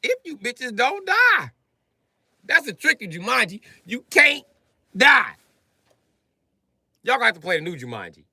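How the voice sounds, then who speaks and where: Loud, brassy male streamer ranting. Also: very high voice, a little slow, gravelly, pauses often, slightly rough, dry recording. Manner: loud, profane, animated, often shouting. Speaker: live streamer. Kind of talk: comedic live stream rant.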